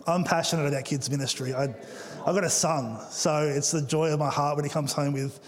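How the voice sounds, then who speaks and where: A slightly higher-voiced man preaches to his church, playful and full of joking asides. His voice rings out in a big space with long reverb trailing behind each phrase. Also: fairly even intonation, a little fast. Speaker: pastor. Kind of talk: sermon. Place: church auditorium.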